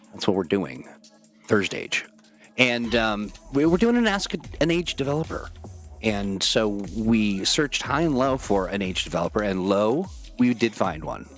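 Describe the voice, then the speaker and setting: Playful low-voiced male stream host. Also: very animated, unhurried, soft background music. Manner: playful, self-deprecating, reads chat aloud. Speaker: livestream host. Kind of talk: casual livestream chat.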